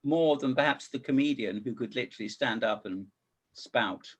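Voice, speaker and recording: A man's voice: medium pitch, normal speed, husky. A middle-aged man talking as a guest, wry and bookish, with old-fashioned turns of phrase. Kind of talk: casual chat.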